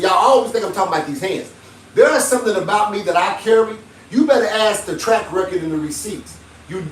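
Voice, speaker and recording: A man, a pastor ranting emphatically on a livestream, swinging between shouting and low muttering. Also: reverberant, far from the mic, a little hiss or hum, poor audio. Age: 50s. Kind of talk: livestream preaching rant.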